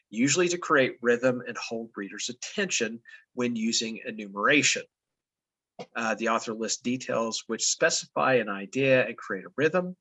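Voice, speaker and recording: A man's voice: mid-range voice, bright, forceful tone, low-quality recording. Chatty male teacher going over a quiz. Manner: loose, chatty, with many fillers and self-corrections. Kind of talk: casual classroom lesson.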